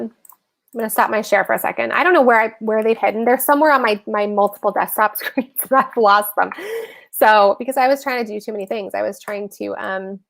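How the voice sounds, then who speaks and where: Her voice sits in the mid-range with a creaky edge as she runs a live personal-finance session. The explainer is laid-back and talkative, full of self-corrections, and she keeps addressing the audience as "y'all."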